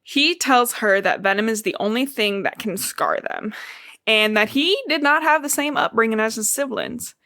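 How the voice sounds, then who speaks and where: A woman's voice: fairly high pitch, normal speed, pushed and bright, dry recording, clean studio sound. A woman with a Midwestern American accent co-hosting a casual book-discussion podcast, retelling scenes, swearing freely and laughing often. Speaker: podcast co-host.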